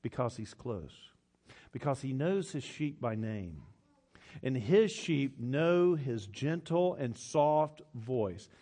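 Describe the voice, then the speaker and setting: A middle-aged man preaching a sermon. He swings from hushed to loud and slows down to stress his points. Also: medium pitch, sing-song. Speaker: pastor.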